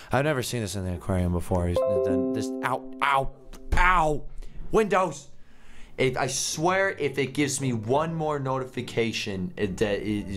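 Excitable man narrating his gameplay. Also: mid-range voice. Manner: excitable and jokey, often confused. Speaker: gaming YouTuber. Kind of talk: casual game commentary.

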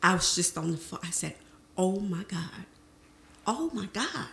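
Telling her life history to an audience from a panel, a middle-aged woman brings her memories alive by voicing the people in them. Her mid-range voice is gravelly and paced normally, while the presentation room echoes and background noise is audible.

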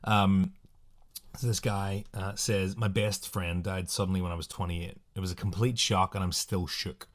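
A man's voice: sits low, steady tone. A man co-hosting a podcast, casually reading out short spooky anecdotes with playful asides. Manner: chatty, playful, quick asides. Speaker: podcast co-host.

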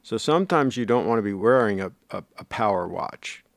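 A man's voice: on the low side, lively intonation, brisk, creaky, no echo. A middle-aged man hosting a casual livestream, reading viewer comments aloud and rambling on in a chatty, self-correcting way.

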